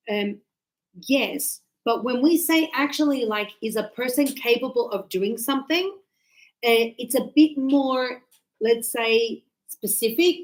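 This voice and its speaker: Aussie woman teaching to a class, chatty, kinda high voice, does bird noises to explain stuff. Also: measured pace, poor audio. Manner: chatty, animated, imitates birds and students. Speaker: English teacher.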